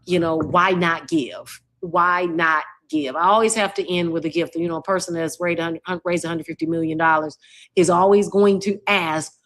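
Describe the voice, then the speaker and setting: A woman university president as a podcast guest, speaking warmly and reflectively. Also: fairly low pitch. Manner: warm, reflective, gushing praise. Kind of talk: casual interview chat.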